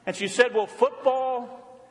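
A male pastor preaching a sermon, swinging between loud, animated lines and hushed, quiet ones. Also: extremely high pitch, takes it slowly, long reverb tail.

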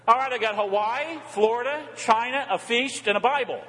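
An older man preaches from the pulpit with a fairly high voice that swings between hushed, intimate lows and excited peaks. His words ring out with a long church reverb behind them. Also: normal speed, few pauses. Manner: warm, animated preaching with dramatic drops and rises. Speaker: pastor. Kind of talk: sermon. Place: large church sanctuary.

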